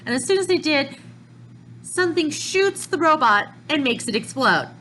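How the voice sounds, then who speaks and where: A woman casually recapping manga chapters in a chatty, excitable way, with slips and restarts. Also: sits high, moderate pace, slight background noise, low-quality recording. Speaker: manga reviewer.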